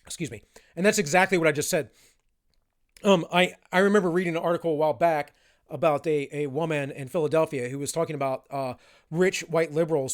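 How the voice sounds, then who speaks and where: A man's voice: on the high side, brisk. A man with a Southern US accent giving blunt, opinionated solo commentary. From Southern United States. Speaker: political commentator.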